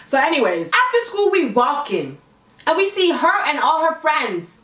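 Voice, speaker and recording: A young woman from the Toronto area, telling a slangy, animated storytime vlog. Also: sits high, moderate pace, distant mic. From Toronto area, Canada. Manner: chatty, slangy, animated retelling. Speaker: vlogger. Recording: echoey room, mic set back.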